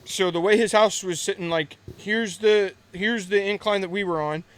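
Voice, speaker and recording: American guy in his 20s, high smooth voice, rambling podcast story, laughs a lot. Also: fairly even intonation, normal speed, fairly bright tone. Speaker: podcast co-host. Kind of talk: casual chat.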